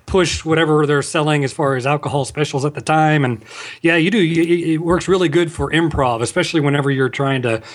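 A man's voice: a little high, brisk. Easygoing man chatting as a guest. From Texas. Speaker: guest actor. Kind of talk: casual podcast chat.

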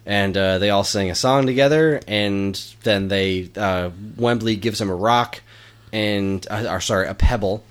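A man with a fairly low voice chats casually and with enthusiasm. He laughs often and his talk is full of fillers and restarts. He keeps a loose, relaxed flow. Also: measured pace, clear, resonant tone. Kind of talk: casual chat.

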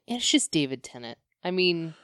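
A woman's voice: sits low, very animated, brisk, a bit bright, no echo, studio quality. A woman co-hosting a podcast in casual chat, opinionated and laughing often. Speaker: podcast co-host.

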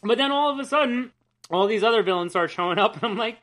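A woman's voice: fairly high pitch, lively intonation, fast, a bit bright. A young woman co-hosting a casual comic-book podcast, joking crudely and laughing often. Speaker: podcast co-host.

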